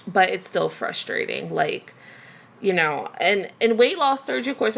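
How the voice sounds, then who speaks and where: A woman's voice: medium pitch, very animated, normal speed, vocal fry, fairly bright tone. A woman vlogger in a candid personal rant to camera, venting emotionally with many fillers and restarts.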